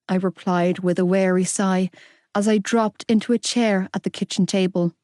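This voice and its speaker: A woman narrating a romance audiobook in a steady, measured way. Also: medium pitch, dry recording, studio quality. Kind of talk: scripted narration.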